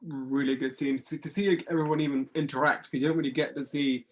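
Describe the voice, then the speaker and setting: A young man hosting a casual interview, asking eager, halting questions. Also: medium pitch, fairly even intonation, a little hiss or hum. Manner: eager, hesitant questions with fillers. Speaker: interviewer host.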